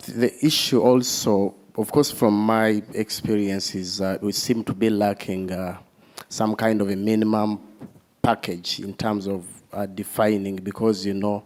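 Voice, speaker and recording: Hesitant low flat-voiced man from Uganda. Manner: hesitant, many fillers. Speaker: audience member asking a question. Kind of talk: conference floor comment.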